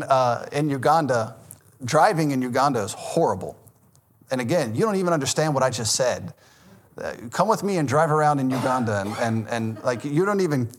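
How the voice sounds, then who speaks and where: A man in his thirties, a pastor with a Southern American accent, preaching in a conversational sermon, correcting himself and laughing at his own stories. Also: mid-range voice.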